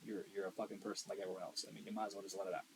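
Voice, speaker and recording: A young man co-hosting a podcast in casual chat, blunt and profane, swinging between loud emphasis and quiet asides. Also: deep voice, little pitch movement, racing, noisy background. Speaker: podcast co-host.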